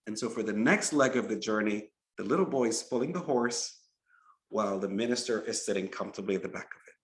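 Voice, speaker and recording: A man narrating a moral story as a preacher, in an animated, repetitive storytelling manner. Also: mid-range voice. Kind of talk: storytelling sermon. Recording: roomy echo.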